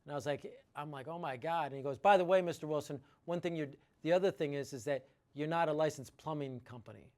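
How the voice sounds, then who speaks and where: A middle-aged man with a fairly high voice tells a story about his water treatment business in a relaxed, casual way. He gets animated and acts out what his customers said to him. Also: fast, hardly any pauses. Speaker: water treatment company owner.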